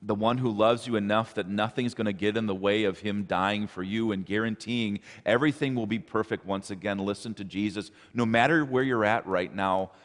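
A man's voice: fairly low pitch, fairly quick, few pauses, in a large hall. A man preaching a sermon, earnestly repeating his exhortations. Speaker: pastor.

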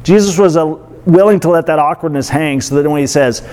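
A man with a somewhat high voice preaching to his congregation. He talks in a loose, conversational way, breaking into laughs and little acted-out asides. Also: fast talker, hardly any pauses, darkish tone. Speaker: pastor. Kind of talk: sermon.

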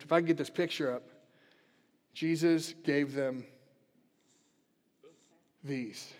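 Man, pastor, high voice, chatty and emphatic sermon, long hall reverb. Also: slow, pauses often, a little mellow, a little hiss or hum. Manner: chatty, emphatic, rallies the crowd. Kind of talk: casual energetic sermon.

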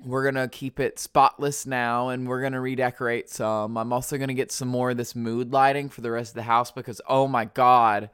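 A man with a stuffy nose talks solo on his podcast in loose, rambling chat, leaning on fillers. His voice is smooth and clean. The sound is close and dry. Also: mid-range voice, level tone, brisk, few pauses, a bit bright, no echo. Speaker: podcast host.

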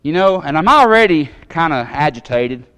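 Man, fairly high voice, folksy animated storytelling, sermon. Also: moderate pace, smooth. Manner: folksy, animated storytelling with big pitch jumps.

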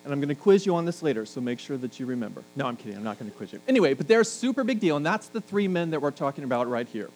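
A man in middle age delivers a sermon in a slightly high voice. He speaks conversationally and drops in jokes and asides to the congregation. A faint electrical hum runs under the recording. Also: very animated, rapid-fire, hardly any pauses, a little mellow, low-quality recording. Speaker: pastor.

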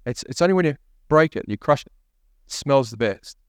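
A man's voice: mid-range voice, expressive, a little fast, clean tone, no room sound, clean studio sound. A man preaching a sermon as a pastor, repeating key phrases and asking rising questions. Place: church.

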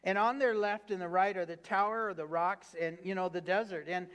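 A man with a high-pitched voice preaches to his congregation. He reads scripture aloud and then presses its point with fervent repetition, calling on the listeners to say lines back to him. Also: fairly even intonation, brisk, fairly bright tone, clean tone. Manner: preaching with call-and-response prompts to the congregation. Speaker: pastor. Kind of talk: sermon.

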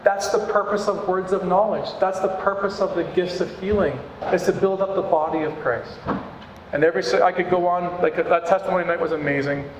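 A man with a fairly high voice preaches to his church in an earnest, conversational way. His voice rings through a large hall with a long, lingering reverb. Faint room ambience sits underneath. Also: fairly even intonation, a little fast, noisy background. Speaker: pastor. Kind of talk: sermon.

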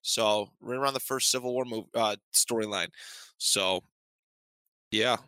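A man's voice: lowish voice, unhurried, pushed and bright, smooth, no room sound. A man co-hosting a podcast in casual chat, enthusiastic and rambling, laughing often. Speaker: podcast co-host.

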